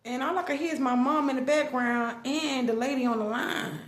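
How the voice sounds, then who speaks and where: A woman's voice: high-pitched, fairly even intonation, moderate pace. A middle-aged woman, candidly telling a personal family story with lots of "like" and restarts. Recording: echoey room.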